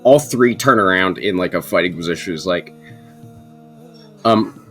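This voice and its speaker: Deep-voiced laid-back game master. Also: male voice, unhurried, faint music behind. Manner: relaxed, hesitant, many fillers. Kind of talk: narrating a tabletop game.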